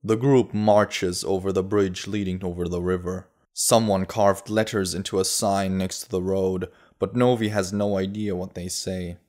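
A man narrating a fantasy audiobook in a steady, measured way. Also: sits low.

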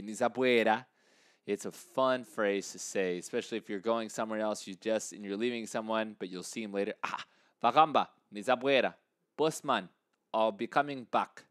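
Man teaching phrases, smooth dry voice. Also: no room sound. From Zambia. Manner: repeats phrases slowly, rising pitch on quoted lines. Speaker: language teacher. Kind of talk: casual language lesson.

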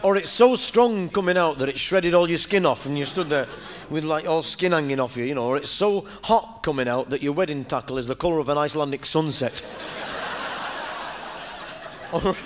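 Some chatter can be heard behind a comedian with a Northern English accent as he gives a rambling, chatty stand-up monologue to a live audience, full of asides. His voice is a little high, at normal speed.

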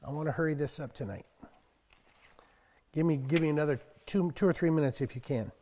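Older male pastor, slightly high voice, folksy and conversational, loud scripture bursts, long hall reverb. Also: a little fast. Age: 60s. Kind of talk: conversational sermon.

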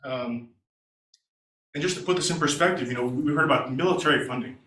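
A man's voice: a little high, very fast, bright, forceful tone, far from the mic. A man, a law student, giving earnest public testimony at a hearing, growing emotional and urgent. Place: hearing room. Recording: roomy hall audio from afar, faint noise.

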